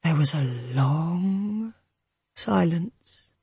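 Brief: woman audiobook reader, unhurried, husky, close and dry. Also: fairly low pitch, darkish tone, no echo. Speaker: audiobook narrator. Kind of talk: scripted novel narration.

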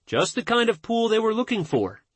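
A man narrates a book in a husky, slightly high voice, keeping his delivery measured and earnest. The recording is dry and close, with no room sound around him. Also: big pitch swings, no room sound. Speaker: audiobook narrator. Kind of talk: scripted narration.

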